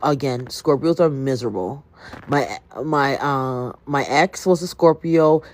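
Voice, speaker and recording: A woman's voice: extremely low pitch, a little slow, darkish tone. A woman hosting a livestream, chatting animatedly and telling her viewers a story. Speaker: livestream host.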